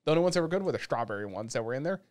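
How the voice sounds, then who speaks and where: A man co-hosts a podcast and tells a rambling, animated rant in casual chat. His voice sits at a middle pitch. The sound is dry and close, with no room around it. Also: racing, dry recording. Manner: animated ranting storyteller. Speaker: podcast co-host.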